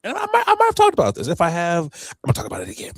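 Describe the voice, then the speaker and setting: A man co-hosting a casual podcast, ranting and laughing as he tells stories. His pitch swings widely as he gets worked up, and the recording is dry and close, with little room sound. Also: very fast, gravelly, dry recording. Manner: animated storytelling, ranting, laughs often. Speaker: podcast co-host. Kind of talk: casual chat.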